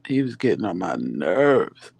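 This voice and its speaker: Gravelly-voiced man telling a story. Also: sits low, very animated, unhurried, a little mellow, dry recording. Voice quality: dramatic, chatty, acts out quotes. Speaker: vlog host. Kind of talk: casual storytelling to viewers.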